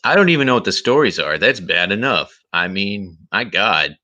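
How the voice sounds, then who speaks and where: A man's voice: fairly low pitch, sing-song, moderate pace, pushed and bright, lo-fi sound. A man hosting a livestream, ranting indignantly and repeating himself, with a voice he says is tired. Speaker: livestream host. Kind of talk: heated commentary livestream.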